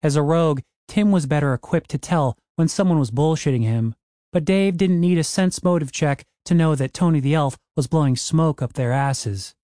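A man narrating a comic fantasy audiobook in a wry, lively storytelling manner. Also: on the high side, normal speed, dry recording, studio quality.

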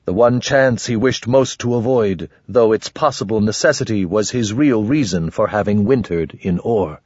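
A man narrating a fantasy novel in a measured, grave storytelling voice, on a dull lo-fi audiobook recording. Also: lowish voice, a little mellow, breathy edge, no echo.

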